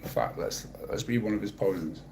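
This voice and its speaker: Deep-voiced laid-back Mancunian man. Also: normal speed, gravelly, background noise. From Manchester, England. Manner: laid-back, dry and sarcastic, swears casually. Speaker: livestreamer reading chat. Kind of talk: casual live-stream chat.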